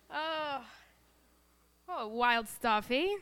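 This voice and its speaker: A woman in her thirties gives an earnest faith testimony about her family. Her voice sits a little high and sounds bright and forward, with a smooth, clean tone. She tells the story with plenty of feeling. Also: steady tone, normal speed. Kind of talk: personal faith testimony talk.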